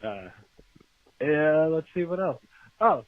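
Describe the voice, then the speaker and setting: A man's voice: a little high, sing-song, takes it slowly. Rambling man on a voicemail. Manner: rambling, lists points of business. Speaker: voicemail caller. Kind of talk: casual voicemail message. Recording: dull lo-fi voicemail.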